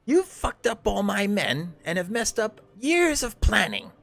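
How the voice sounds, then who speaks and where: A man voicing a crude, menacing male villain leader, pitched well above his own voice. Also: very animated, measured pace, creaky, a bit bright, soft background music, exaggerated voice. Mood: threatening. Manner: sneering, crude and threatening.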